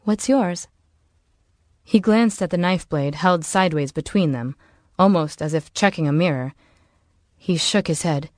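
A woman narrating a novel in a measured, even storytelling voice. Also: low-pitched, no room sound, clean studio sound. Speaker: audiobook narrator. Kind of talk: scripted narration.

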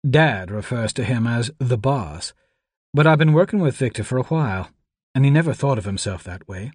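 A man reading aloud who voices a tearful young woman grieving a mentor, speaking softly with a lifted pitch. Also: lively intonation, normal speed, husky, no room sound, studio quality. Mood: earnest.

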